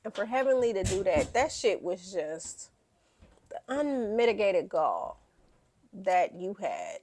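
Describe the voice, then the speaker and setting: A woman's voice: medium pitch, big pitch swings, takes it slowly, a little mellow, a little hiss or hum. Female recap host, blunt and profane, casual opinionated delivery, mid-range voice.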